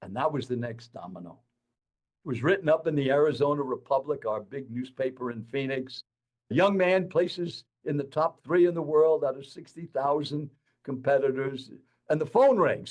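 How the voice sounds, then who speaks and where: A man in his eighties telling his life story to an interviewer in an animated, dramatic way. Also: fairly high pitch, normal speed. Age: 80s. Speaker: guest speaker.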